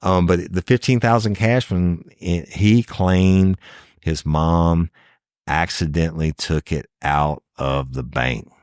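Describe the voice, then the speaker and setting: A man's voice: low-pitched, steady tone, slow pace, a little mellow, clear, resonant tone, no room sound, studio quality. A middle-aged man hosting a true crime podcast, telling the case casually, swearing often and talking straight to his listeners in disbelief. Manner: profane, incredulous, talks straight to listeners.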